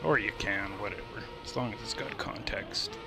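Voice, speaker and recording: A male livestream host telling a story casually on his stream, animated and laughing as he acts out quotes. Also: lowish voice, normal speed, vocal fry, over music. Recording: steady background noise.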